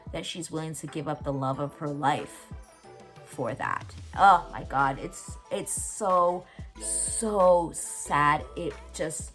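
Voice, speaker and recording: Faint music plays behind a woman with a deep, fairly bright voice who speaks slowly as she hosts a podcast. She casually recaps a TV episode, emotional and gushing to the point of tears, quoting lines as she retells its scenes.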